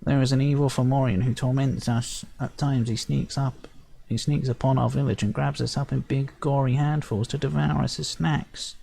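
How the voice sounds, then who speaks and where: A man voicing a tiny, timid male sprite chief from a game, speaking in a shrill, formal and pleading way. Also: steady tone, normal speed, vocal fry, warm tone, slight background noise, lightly acted. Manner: formal, pleading old-fashioned speech. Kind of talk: reading game dialogue aloud.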